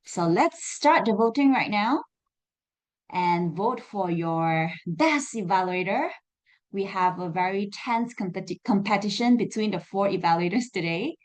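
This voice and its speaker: A woman's voice: mid-range voice, animated, unhurried. A woman on a video call running a segment of a speaking club meeting, leading a vote and introducing the next speaker with upbeat, ceremonious phrasing. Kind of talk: hosting a segment of an online meeting.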